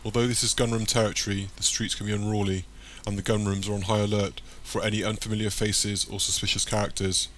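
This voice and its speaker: A man reading an audiobook chapter in plain, even scripted narration. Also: lowish voice, fast, a little hiss or hum.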